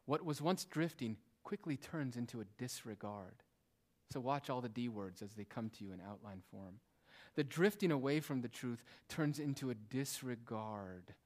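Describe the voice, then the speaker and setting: Emphatic preacher swinging loud to hushed. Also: male voice, medium pitch, animated, moderate pace. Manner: emphatic, rhetorical questions, shifts between loud and hushed delivery; casual asides in expository preaching. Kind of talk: sermon.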